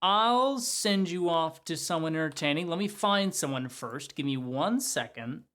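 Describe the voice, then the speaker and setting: A young man streaming from home, signing off after a role-play session in an excitable, sweary, laughing way. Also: a little high, measured pace. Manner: excitable, swears a lot, laughs between lines. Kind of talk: casual sign-off chat to stream chat.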